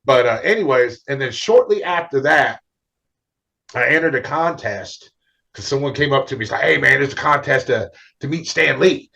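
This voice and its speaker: Animated storytelling man, comic artist guest. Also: mid-range voice, normal speed, creaky. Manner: animated, acts out other people's lines. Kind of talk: casual storytelling interview.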